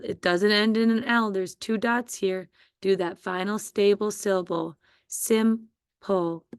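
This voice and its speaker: A woman teacher giving a slow, patient spelling dictation to first graders. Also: mid-range voice, clean tone, dry recording, studio quality. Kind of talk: spelling quiz dictation for young students.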